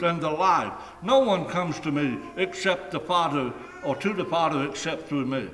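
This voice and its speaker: A man preaching a sermon in a deliberate, emphatic way, stretching key phrases and letting them fall away at the ends. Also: fairly high pitch, a bit bright. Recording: echoey hall with long reverb.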